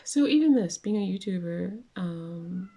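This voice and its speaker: Young woman, casual vlog rant, mellow voice, rambling delivery with lots of fillers. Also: lowish voice, expressive, measured pace. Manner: rambling, many fillers and restarts. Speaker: vlogger.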